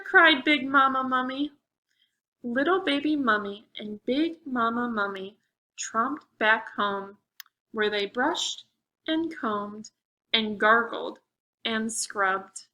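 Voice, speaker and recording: A woman librarian reading aloud at a preschool storytime, animated and asking the children questions. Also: on the high side, slow, low-quality recording.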